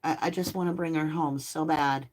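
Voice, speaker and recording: A woman's voice: sits low, fairly even intonation, moderate pace, darkish tone. A middle-aged woman hosting a live tarot stream, chatting casually with viewers and cooing baby talk at her dogs.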